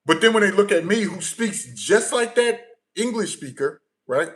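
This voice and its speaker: A man from the United States hosting a casual livestream, telling travel stories in a lively way that swings between quiet, low asides and loud bursts. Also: normal speed, poor audio. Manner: animated storytelling, shifts often from low mumbles to loud bursts. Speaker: livestream host.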